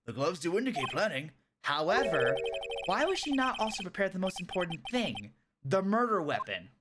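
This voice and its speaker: A woman voicing an earnest young male defense lawyer who argues in an emphatic, declaiming way, over loud game music. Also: fairly low pitch, sing-song, normal speed, heavy background noise. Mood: assertive.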